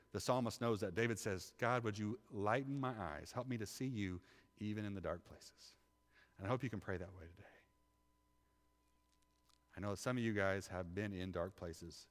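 A man preaching a sermon, telling a Bible story with lively acted-out voices and shifts from loud to hushed. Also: fairly low pitch. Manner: animated storytelling, acting out biblical figures. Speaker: pastor. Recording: long hall reverb.

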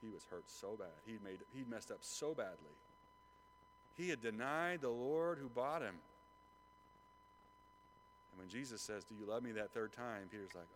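A man preaching a sermon, retelling a Bible story with lively acted-out voices. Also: on the low side, normal speed, pauses often, a little hiss or hum, low-quality recording. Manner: animated storytelling, acts out the voices of biblical figures. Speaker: pastor.

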